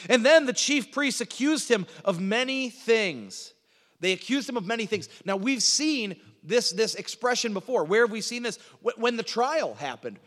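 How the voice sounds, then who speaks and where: A male preacher with a high voice teaching through a scripture passage, hammering his points home by repeating phrases. He often stumbles and restarts his words mid-sentence. His voice rings with a long hall reverb. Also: expressive, normal speed, fairly bright tone. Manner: emphatic repetition, frequent stuttered restarts. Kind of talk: expository sermon.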